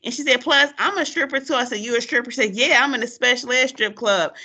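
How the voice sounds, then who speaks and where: A woman's voice: a little high, fast. A woman, hosting a casual chat and acting out her students' lines as she tells stories, laughing often. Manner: animated storyteller, acts out quotes, laughs often. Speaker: podcast host, former teacher.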